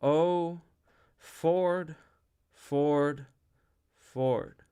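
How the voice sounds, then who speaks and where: A man voicing a mysterious supernatural male voice that intones solemnly and then sinks to a hush. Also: a little high, fairly even intonation, extremely slow, clear, resonant tone. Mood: intoning.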